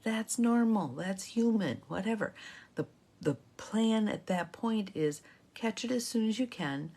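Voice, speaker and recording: An older woman giving casual, encouraging guidance on setting boundaries, chatting to viewers in a warm, chatty way. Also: medium pitch, expressive, a little slow. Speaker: intuitive guidance coach. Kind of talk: casual motivational talk to live viewers.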